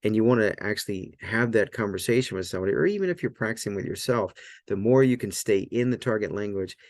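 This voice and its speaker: Low gravelly male language teacher. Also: quick pace. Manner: relaxed, talks in loose chunks with many "right?" and "um" checks. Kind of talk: casual explanatory lesson.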